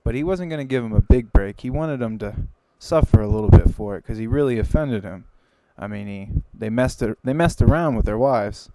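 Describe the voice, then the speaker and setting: A man's voice: medium pitch, brisk, hardly any pauses, dark tone, no room sound, poor audio. A young man livestreaming and telling a long joke in a rambling, self-interrupting way. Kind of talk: casual joke telling on a live stream.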